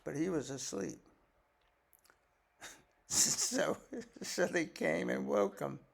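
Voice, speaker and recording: An older man, a grandfather, reads scripture aloud in a slightly high, creaky voice at a slow pace. He keeps breaking off for folksy, chatty asides explaining the passages, turning the Bible reading into casual commentary.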